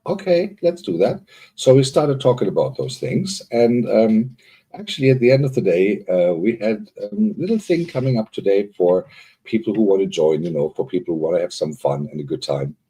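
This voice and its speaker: A man with a low, husky voice hosts a live online celebration. He rambles in a friendly, loose way, packed with fillers. His tone stays dark and mellow. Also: expressive, normal speed. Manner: rambling, filler-heavy, upbeat greeting of viewers. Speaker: co-host. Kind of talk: live-stream hosting chat.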